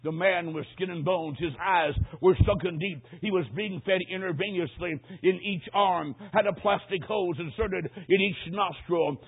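A man preaches, telling a story and acting out each voice as he goes. His voice is a bit high and husky. He swings between near-whispers and loud cries, and the sound is thin and tinny, like a phone line. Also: moderate pace, hardly any pauses. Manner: swings from hushed to shouting, acts out quotes. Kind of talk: sermon with a dramatic story.

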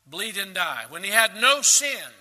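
A man preaching a sermon, emphatic, with sudden loud rises and quiet drops. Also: high voice, sing-song, a little slow, long reverb tail. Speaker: pastor.

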